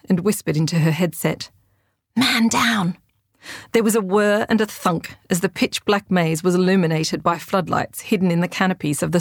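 A woman, the author, narrating her children's adventure book in a clear, steady manner. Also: lowish voice, no room sound, clean studio sound. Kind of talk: audiobook narration.

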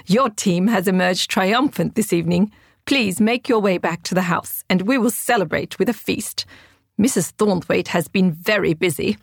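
A woman's voice: mid-range voice, normal speed, creaky, breathy edge, no room sound, studio quality. A woman voicing a polite, formal man who speaks like a courteous household mentor. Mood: pleased.

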